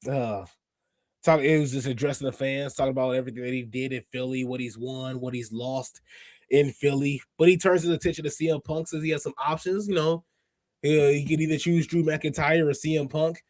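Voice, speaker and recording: A man hosting a podcast, recapping wrestling in a casual, animated, slangy way with lots of fillers and restarts. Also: mid-range voice, fairly quick, dry recording, studio quality. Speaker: podcast host.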